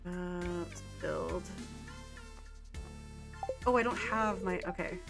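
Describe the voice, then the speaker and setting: A Canadian woman with a fairly low, gravelly voice streams a farming game, rambling chattily with plenty of filler words and quick laughs. Faint game music runs in the background.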